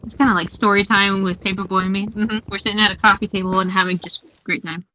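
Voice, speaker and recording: A young woman hosting a casual gaming chat, telling a story in an animated, giggly way. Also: mid-range voice, brisk, slight background noise. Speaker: host. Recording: lo-fi muffled mic.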